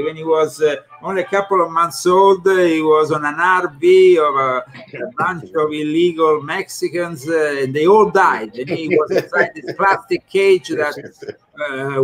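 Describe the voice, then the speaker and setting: A man with an Italian accent hosting a talk show, speaking haltingly with frequent pauses mid-sentence. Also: on the high side, a bit bright. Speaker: host. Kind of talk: casual talk-show chat.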